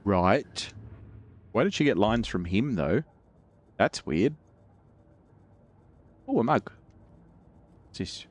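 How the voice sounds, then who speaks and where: A man's voice: lowish voice, big pitch swings, slow pace, pauses often. A man streaming a video game, chatting casually and musing aloud, his voice jumping up when surprised. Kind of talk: casual let's-play commentary.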